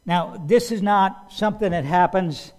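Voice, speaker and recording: High-voiced animated male preacher. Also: unhurried. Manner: animated preaching, repeats words when restarting, raises voice for quoted commands. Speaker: pastor. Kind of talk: sermon.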